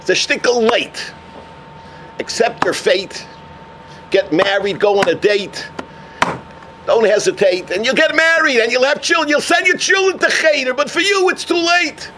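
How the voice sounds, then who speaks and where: A man's voice: high voice, slow, long pauses, background noise. A man voicing an exasperated older father, a farmer who lectures his son in a scolding, dismissive way.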